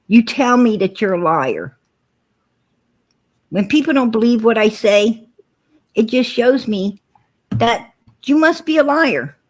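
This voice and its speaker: A woman hosting a livestream, telling stories and arguing with viewers in a blunt, profane way. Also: on the high side. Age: adult with four kids. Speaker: livestream host. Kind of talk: casual livestream talk.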